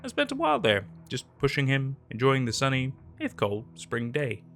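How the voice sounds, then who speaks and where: Guy reading creepy stories, lively swooping voice, tense and dramatic, soft music under it. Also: mid-range voice, normal speed, a little hiss or hum. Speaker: horror story narrator. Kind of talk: scripted horror narration. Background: faint background music.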